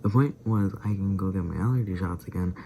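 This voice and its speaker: A man talking straight to his vlog camera in a loose, rambling way, often breaking into laughter and dropping to whispered asides. His voice sits low, with a gravelly edge and a dark, mellow tone. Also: fairly quick, a little hiss or hum. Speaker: vlogger doing a daily challenge. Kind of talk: casual rambling chat.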